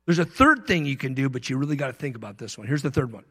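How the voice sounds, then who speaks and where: A pastor giving a sermon in a conversational way, moving between loud emphasis and quiet asides. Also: male voice, mid-range voice, animated, quick pace, husky, in a large hall.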